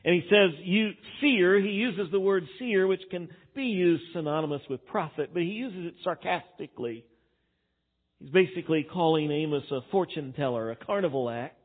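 Man, preacher, sermon, emphatic, loud then quiet, slightly high voice, tinny phone-like audio. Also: moderate pace, slightly rough. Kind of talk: expository sermon.

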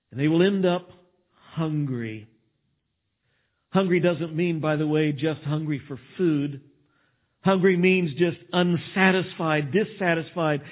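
A male pastor preaching a sermon with emphasis and rhetorical questions. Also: a little high. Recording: tinny phone-like sound.

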